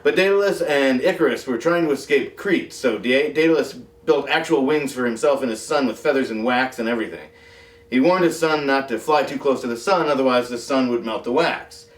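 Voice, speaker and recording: A man's voice: medium pitch, brisk, recorded from a distance. A man hosting a comedy show, delivering a monologue with dry, self-mocking asides. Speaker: talk show host. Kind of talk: comic monologue. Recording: roomy echo, off mic, faint music.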